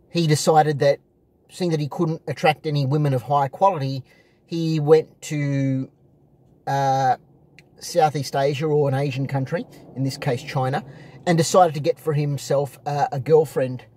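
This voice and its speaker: A slightly husky, fairly high-pitched man talks into a close phone from his parked car. He rambles, repeats phrases and fills gaps with uhs. The sound is dry and close, with no room echo. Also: fairly even intonation, measured pace, mellow. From Australia. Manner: rambling, repetitive, with many restarts and uh fillers. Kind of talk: casual vlog monologue.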